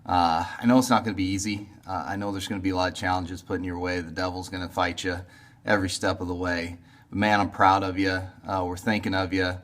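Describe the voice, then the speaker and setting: A man's voice: sits low, flat delivery, quick pace, a bit bright. A man in his forties giving an earnest, encouraging birthday message.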